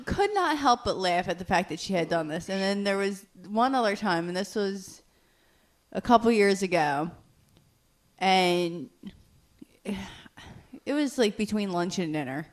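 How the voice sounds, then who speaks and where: A woman's voice: medium pitch, lively intonation, unhurried, pauses often. A woman co-hosting a comedy podcast, casually telling a story about her young daughter. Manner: conversational storytelling with acted dialogue. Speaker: podcast co-host.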